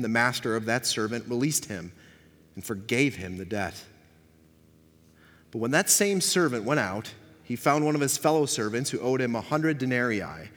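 A man reading a passage of scripture aloud in a measured, formal way during a church service. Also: medium pitch, a bit bright, in a large hall. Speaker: scripture reader.

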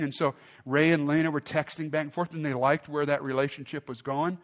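A male pastor preaching a sermon, telling a story with lively acted-out quotes and big swings in loudness. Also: on the high side, brisk.

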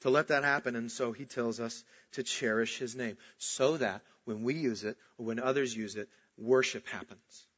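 A man preaching a sermon, moving between animated storytelling and soft, earnest emphasis. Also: medium pitch, moderate pace, hardly any pauses, breathy edge, lo-fi sound. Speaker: pastor.

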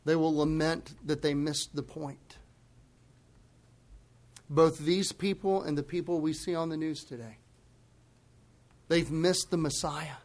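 A man preaching a sermon as a pastor, speaking with passion and swinging between loud emphatic declarations and hushed, grave asides. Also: fairly high pitch, fairly even intonation, measured pace, pauses often.

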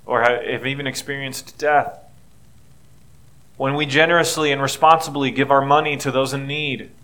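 A middle-aged man preaching a sermon in an earnest, conversational way, building to emphatic peaks and dropping to quiet, tender passages. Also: mid-range voice, fairly even intonation, moderate pace. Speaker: pastor.

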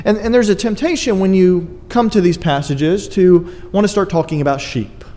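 Man, pastor, sermon, emphatic and earnest, mellow tone, echoing church hall. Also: high voice, moderate pace. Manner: earnest, emphatic preaching with dry asides.

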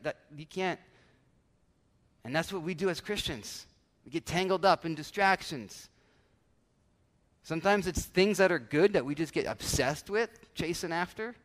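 High-voiced preacher in a reverberant hall. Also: male voice. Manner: animated preaching, acts out everyday voices. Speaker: pastor. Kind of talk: sermon. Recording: long church hall reverb.

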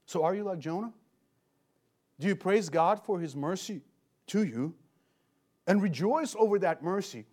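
High-voiced man preaching animatedly. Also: measured pace, pauses often. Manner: animated, emphatic, rhetorical questions. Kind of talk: expository sermon.

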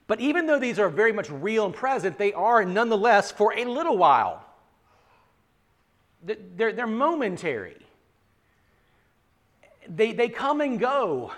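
A man with a fairly high voice preaches to his congregation. He is earnest and restarts his words often, rising to loud emphasis and then dropping to near-quiet pleading. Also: sing-song, a little slow, pauses often. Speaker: pastor. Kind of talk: sermon.

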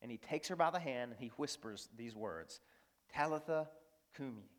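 A man's voice: medium pitch, lively intonation, brisk. A man preaching a sermon as a pastor. He speaks emphatically and repeats key phrases while he tells stories.

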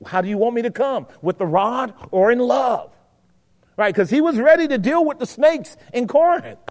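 A man with a high voice preaches, asking his listeners frequent questions. He moves between quiet, low passages and emphatic rises. His voice rings out in a hall with a long reverb tail. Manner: preaching with rhetorical questions to the congregation. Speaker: pastor. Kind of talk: sermon teaching.

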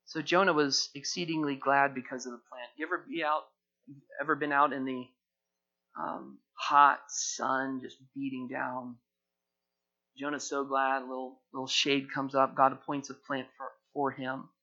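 A man preaching a sermon, reading scripture aloud with emphasis and retelling the story in lively paraphrase. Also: medium pitch, moderate pace. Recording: dull lo-fi recording.

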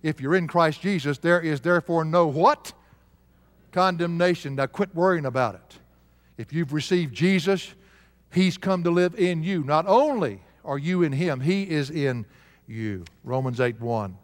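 A man's voice: on the high side, measured pace. Emphatic male preacher in a reverberant hall. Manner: emphatic, asks the congregation to answer aloud. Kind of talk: sermon. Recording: live sermon with long hall reverb.

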